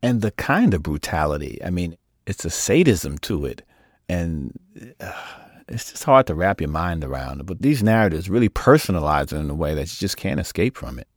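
A man hosting an interview, reflecting thoughtfully in a measured way. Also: deep voice, big pitch swings, dry recording, clean studio sound. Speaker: podcast host. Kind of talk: conversational interview.

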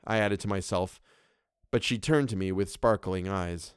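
A man reading a classic story aloud as a podcast narrator, with measured, even storytelling. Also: deep voice, smooth, dry recording, studio quality.

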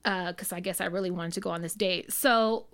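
A woman's voice: fairly low pitch, steady tone, a little fast, fairly bright tone. Rambling woman telling a dream story. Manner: rambling, lots of likes and ums, cursing. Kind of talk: casual storytelling chat.

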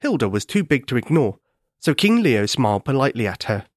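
A man narrating a children's story in a gentle, expressive way. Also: mid-range voice, fairly quick, no room sound, studio quality.

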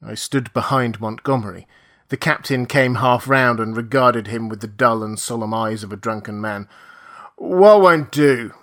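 Man reading a classic adventure story. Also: fairly low pitch. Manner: measured, even storytelling. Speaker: audiobook narrator. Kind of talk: scripted narration.

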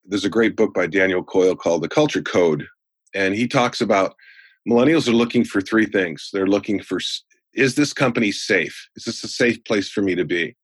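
Husky older man telling stories. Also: lowish voice, normal speed, dry recording. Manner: animated storyteller. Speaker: guest, sales trainer and speaker. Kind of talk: storytelling in a podcast interview.

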